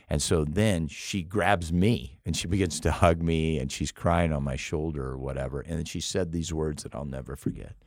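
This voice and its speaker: A man's voice: very deep voice, moderate pace, a little mellow, no room sound, clean studio sound. A middle-aged man who leads a rescue mission, telling stories earnestly in an interview with frequent restarts. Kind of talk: interview conversation.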